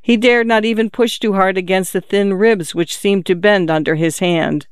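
An audiobook narrator reading a literary novel in a measured, even storytelling manner. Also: mid-range voice, smooth, dry recording, clean studio sound.

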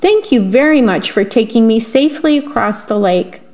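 Storybook grasshopper, calm and courteous traveler, read by a woman with a higher voice, dull lo-fi radio sound. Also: moderate pace. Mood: polite. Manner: polite, calm. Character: polite patient male grasshopper traveler.

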